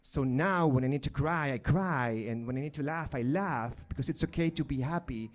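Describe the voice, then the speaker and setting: A middle-aged man performs stand-up, telling a grim family story with dry deadpan timing. His pitch sits in the middle for a man, and he turns earnest and gentle as the story closes. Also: a little fast. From Argentina. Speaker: stand-up comedian. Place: live comedy stage.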